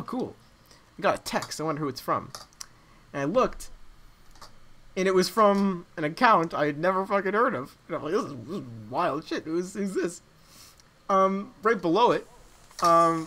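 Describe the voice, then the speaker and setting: Young man, podcast host, casual rambling chat, lively pitch. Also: slight background noise. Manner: rambling storytelling with frequent fillers and laughs.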